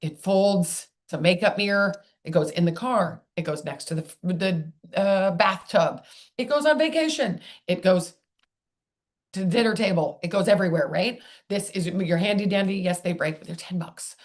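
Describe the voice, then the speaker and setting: A woman speech therapist with a slightly low voice, leading an online workshop. She talks in a chatty, rambling way and breaks off to demonstrate mouth sounds aloud. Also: normal speed. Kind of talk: live online workshop teaching.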